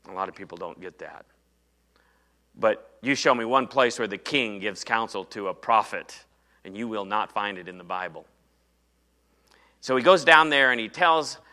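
A man preaching a sermon, retelling Bible stories with animated storytelling and acting out the dialogue. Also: lowish voice, normal speed, pauses often.

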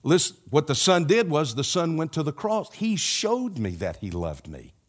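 A man's voice: a little high, big pitch swings, moderate pace. Older man preaching with earnest repetition. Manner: earnest, repetitive preaching cadence with folksy asides. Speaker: pastor. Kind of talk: sermon.

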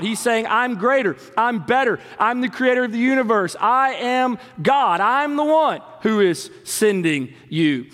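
A man preaching a sermon as pastor, emphatic, with dramatic swings in pitch and slow stressed phrases. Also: a bit bright. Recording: long hall reverb.

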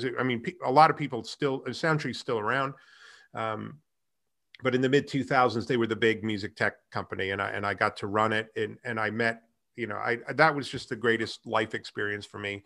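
Middle-aged guy, bright forceful voice, chatty storyteller, does the voices of people he quotes. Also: medium pitch. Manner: animated storyteller, acts out quoted dialogue. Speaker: guest, music tech company founder. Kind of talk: casual storytelling interview.

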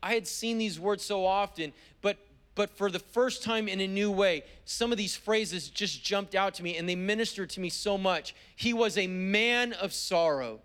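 A man preaching a sermon as pastor, driving points home with repeated phrases and slowing down to read scripture. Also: high voice, a bit bright, clean tone. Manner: slows down when reading scripture aloud. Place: church service.

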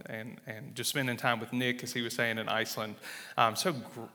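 A man's voice: medium pitch, level tone, brisk, bright, forceful tone. A man in his thirties from Mississippi with a Southern drawl, sharing his testimony as a guest preacher in a folksy, self-deprecating way. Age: 30s. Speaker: church planter, guest speaker. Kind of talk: sermon with personal testimony. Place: church sanctuary. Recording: long reverb of a large hall.

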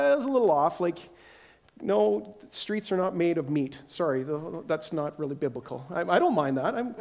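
A man preaching a sermon as pastor, telling stories animatedly and acting out the voices of the people in them. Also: sits high. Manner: animated storytelling, acts out quoted voices.

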